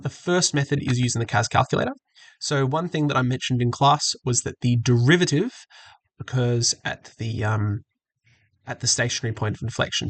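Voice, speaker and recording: A man's voice: medium pitch, vocal fry, fairly bright tone, no echo. A man teaching maths, walking through an exam question patiently and methodically and correcting himself as he goes. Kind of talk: screen-recorded exam walkthrough.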